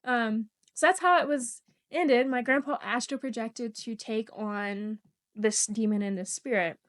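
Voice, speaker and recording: Her voice slightly high and her pace unhurried, a young podcast host shares something personal in relaxed conversation. She keeps it lively, curses without restraint, and breaks into laughter partway through sentences.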